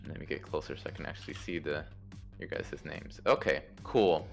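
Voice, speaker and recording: A man's voice: extremely low pitch, fairly quick, vocal fry, faint music behind. A man casually organizing a space game play-test, explaining maneuvers with fillers and restarts. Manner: instructive, relaxed, many fillers and restarts. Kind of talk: casual game coordination over voice chat.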